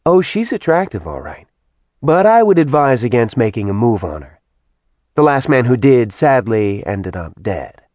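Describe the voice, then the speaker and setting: A male narrator voicing a quick-witted, teasing young woman with a lifted, lighter delivery. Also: mid-range voice, very animated, darkish tone, no echo, lightly acted.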